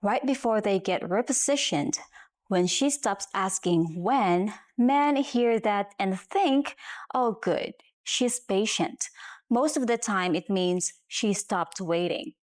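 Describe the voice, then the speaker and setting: A woman with a Filipino accent delivers a scripted relationship-advice talk. Her voice sits at a middle pitch, and she speaks in measured, emphatic short phrases, stressing each point. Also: lively intonation, darkish tone. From Philippines. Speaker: relationship consultant. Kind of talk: scripted advice monologue to camera.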